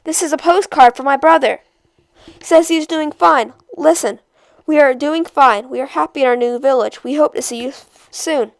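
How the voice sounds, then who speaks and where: A woman's voice: high voice, moderate pace, gravelly, no echo. A woman reading aloud as a hopeful man in a crowd who reads out a postcard insistently.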